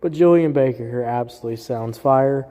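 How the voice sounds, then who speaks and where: A man's voice: medium pitch, brisk, mellow. Profane rambling man reviewer. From southern US. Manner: profane, rambling, heavy fillers. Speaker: music reviewer host. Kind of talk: casual solo review chat. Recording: roomy hall reverb.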